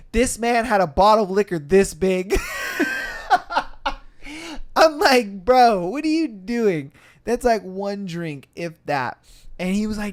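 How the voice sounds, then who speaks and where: Guy on a podcast telling a wild story, voice on the high side, does everyone's lines, swears plenty. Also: a little slow. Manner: animated, acts out quotes with shifting pitch and volume, laughs and swears often. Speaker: podcast host. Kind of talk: casual storytelling.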